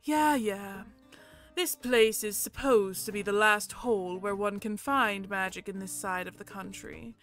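A woman voicing a proud, scheming male peacock who tells a story in a haughty, slightly raised and louder voice. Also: medium pitch, a little slow, faint music behind, natural voice. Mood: explaining.

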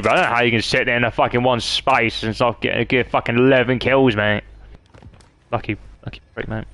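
A man's voice: medium pitch, normal speed, pauses often, a bit bright. A man giving profane, trash-talking commentary while streaming a game live.

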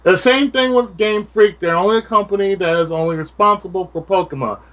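A man's voice: high-pitched, a little fast. A man chatting casually with a friend, ranting with lots of swearing. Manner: profane, ranting, animated. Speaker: channel host.

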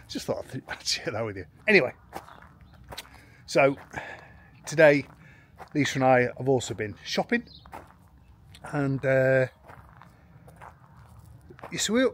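A man chatting to camera in a relaxed family vlog. His voice sits at a middling pitch, and he rambles and restarts with a self-mocking, chuckling manner. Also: a little hiss or hum. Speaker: expat family vlogger. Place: in and around a home in rural France.

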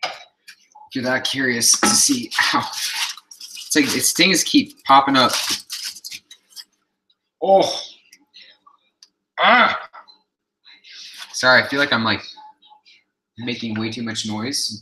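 A man's voice: mid-range voice, steady tone, measured pace, pauses often. A man hosting a casual livestream for his viewers while in pain from a burned hand, groaning, sighing and swearing between remarks. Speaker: vlogger host. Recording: echoey room, faint noise.

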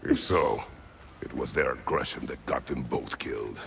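An actor playing a grim, stern warrior god in a video game, speaking in a curt, grave manner with a very deep gravelly voice. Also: male voice, moderate pace, fairly bright tone, slight background noise, heavily acted.

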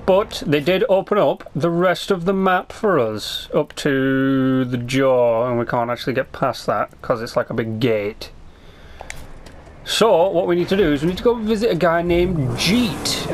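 A man's voice: a little high, expressive, moderate pace. A man hosting a let's play, chatting casually and rambling through his game commentary with self-mocking asides, sometimes reading game text aloud.

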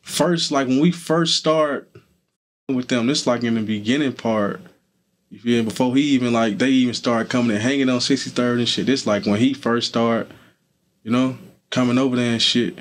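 This is a young adult man's mid-range voice, steady in tone and moderate in pace. As a street interview guest he talks in an easygoing, loose way, dropping in lots of fillers such as "you feel me."

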